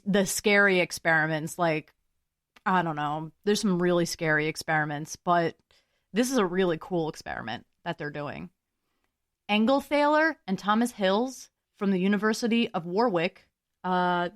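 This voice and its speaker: A woman's voice: mid-range voice, no echo, clean studio sound. A young woman hosting a solo podcast, musing aloud in a chatty, giggly way. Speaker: podcast host.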